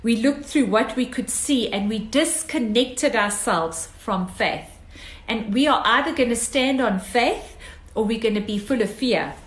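A woman's voice: on the high side, unhurried. Earnest woman preaching in an echoey room. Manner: earnest, exhorting, repetitive phrasing. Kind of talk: sermon.

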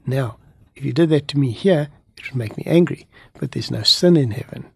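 A man's voice: mid-range voice, brisk, vocal fry, a little mellow, breathy edge, no echo. A man telling a personal testimony in the first person, acting out the dialogue as he retells it. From farming background. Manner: vivid retelling that acts out dialogue.

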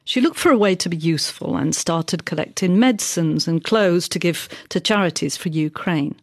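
A woman reporter narrating a feature in a measured, factual way and asking questions. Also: lowish voice, dry recording, clean studio sound. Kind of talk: scripted narration.

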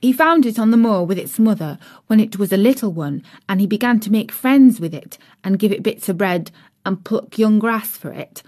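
A woman's voice: medium pitch, lively intonation, moderate pace, a little mellow. A woman voicing a cheerful, chatty young serving girl, homely and outspoken.

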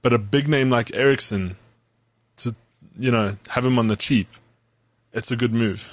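A man co-hosting a podcast, speaking in a measured way while running through football news. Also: mid-range voice, dry recording. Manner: measured, reads out news items. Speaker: podcast co-host. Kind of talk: casual sports chat.

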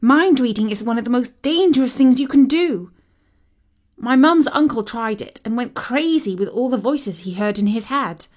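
Casting: woman playing a dramatic teen girl, excitable, a touch higher and louder. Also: moderate pace, natural voice. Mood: alarmed. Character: alarmed teenage girl, dramatic, superstitious.

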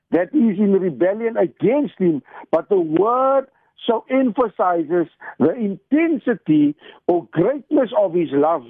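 High-voiced man on a phone line. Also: no room sound. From South Africa. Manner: earnest, repeats phrases for emphasis. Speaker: evangelist, radio guest. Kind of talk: devotional talk over the phone on radio. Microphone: telephone. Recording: dry tinny phone line.

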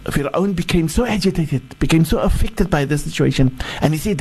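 A sheikh retelling a sacred story in a sermon, halting often and repeating words as he searches. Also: fairly high pitch, a little mellow, husky, low-quality recording.

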